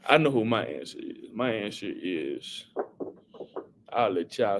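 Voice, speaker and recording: A man hosting a casual live stream, reading viewer comments aloud and giving shout-outs in an animated way. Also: fairly low pitch, takes it slowly, vocal fry, pauses often, slight background noise.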